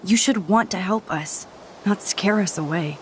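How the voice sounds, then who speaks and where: Actress as a calm, pleading young heroine; mid pitch, game dialogue, faint noise behind. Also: female voice, measured pace, lightly acted. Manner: soft-spoken, pleading. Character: earnest young woman, calm and persuasive. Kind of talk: video game voice acting.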